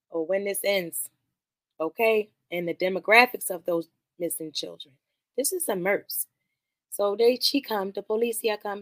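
A woman hosting a podcast, casually retelling and reviewing a film in animated, slangy speech full of profanity. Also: medium pitch, no echo. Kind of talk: casual movie commentary.

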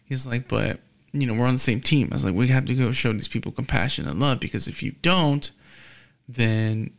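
Gravelly-voiced male podcast host. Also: medium pitch, a little fast. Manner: storytelling, acts out quoted exchanges. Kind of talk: casual podcast conversation.

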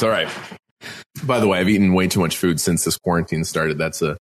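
A man's voice: low voice, fairly quick. A man co-hosting a podcast from home, talking in an earnest, reassuring way and repeating himself for emphasis. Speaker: podcast co-host. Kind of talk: casual podcast chat. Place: at home, self-isolating.

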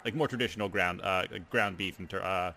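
A man narrating a tabletop game as game master, describing scenes haltingly with many fillers. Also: deep voice, sharp tone.

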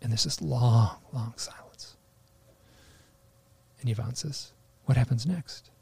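Gravelly man telling a story. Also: medium pitch, takes it slowly, a little mellow. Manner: rambling, full of "like" fillers and restarts. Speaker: interview guest. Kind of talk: casual personal storytelling.

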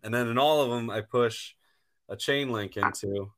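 A man guesting on a podcast, talking about his craft in a relaxed, easygoing way. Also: medium pitch, normal speed. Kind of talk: casual interview chat.

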